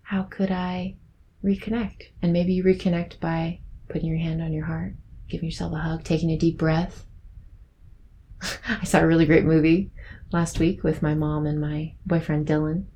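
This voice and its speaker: This young podcast host has a deep voice with little movement in pitch, talking at normal speed over slight background noise. She wanders casually through thoughts on past episodes, soft-spoken and giggly.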